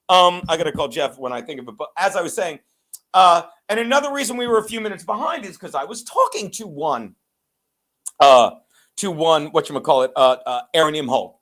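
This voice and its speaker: High-voiced middle-aged man, joking host. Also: a bit bright. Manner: storytelling, laughing, quick asides. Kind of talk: casual comedic chat.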